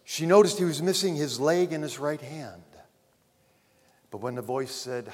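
A man preaching a sermon, telling a story and then addressing his congregation earnestly, rising loud and falling to a hush. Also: a little high, moderate pace. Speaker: pastor. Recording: long reverb of a large hall.

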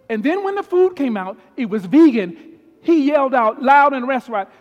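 A middle-aged man preaching a storytelling sermon as a pastor, swinging from hushed tones to loud peaks. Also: extremely high pitch, expressive, fairly quick. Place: large church hall. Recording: long hall reverb with faint piano. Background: soft piano.

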